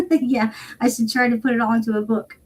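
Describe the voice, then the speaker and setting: A woman's voice: a little high, steady tone, a little fast, darkish tone, low-quality recording. A woman from Indiana, a podcast guest in casual chat, blunt and profane, laughing easily.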